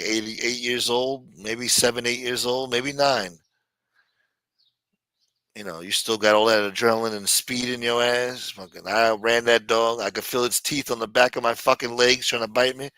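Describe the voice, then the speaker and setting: A man's voice: mid-range voice, fairly even intonation, moderate pace, sharp tone, no echo. Profane New man telling stories. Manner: profane, rambling storyteller. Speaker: livestream host. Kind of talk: casual livestream storytelling.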